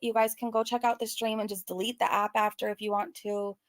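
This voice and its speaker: A woman's voice: medium pitch, flat delivery, fairly quick, no echo. A young woman talking casually and earnestly to her viewers, rambling with many fillers. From Southern California. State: choked up, near tears. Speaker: commentary YouTuber. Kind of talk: casual commentary vlog.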